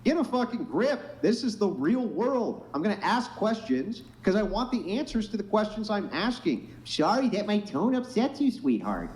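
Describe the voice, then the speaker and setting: A man's voice: sits high, very animated, moderate pace, hardly any pauses, darkish tone. A man debating heatedly over a call, blunt and sarcastic, mocking the other side. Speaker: podcast guest debating by video call. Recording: roomy, faint noise.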